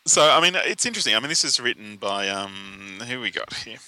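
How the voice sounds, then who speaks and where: A man's voice: on the low side, animated, fairly quick, pushed and bright, no echo, poor audio. A man, casually recapping comic book plots on a podcast with wry asides. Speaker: podcast co-host.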